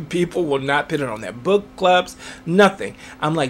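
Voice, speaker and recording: A man's voice: on the high side, expressive, measured pace. A man, an author, answering interview questions in a chatty way, laughing often and using many fillers.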